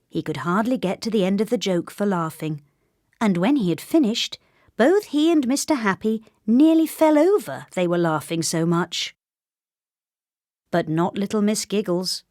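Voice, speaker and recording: A woman narrating a children's storybook, gentle and expressive. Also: lowish voice, moderate pace, no echo, studio quality.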